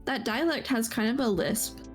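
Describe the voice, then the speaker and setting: A young woman guest on a stream, chatting casually and laughing easily, with soft music behind. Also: on the high side. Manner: laughing, quick to react. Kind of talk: casual chat.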